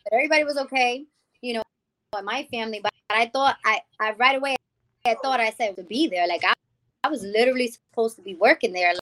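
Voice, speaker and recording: A woman from the Bronx, giving a lively personal testimony as an interview guest and acting out the people she quotes. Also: on the high side, quick pace. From the Bronx, New York. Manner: animated storytelling, acting out quoted people, calls the host "girl". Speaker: guest, music founder.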